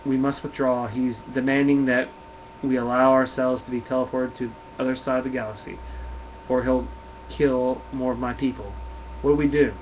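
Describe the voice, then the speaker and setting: A man's voice: mid-range voice, little pitch movement, normal speed, close to an everyday voice. A noble male alien warrior speaks solemnly in formal, old-fashioned words, voiced by a man reading a comic. The sound is dull and lo-fi. A faint hiss runs through it.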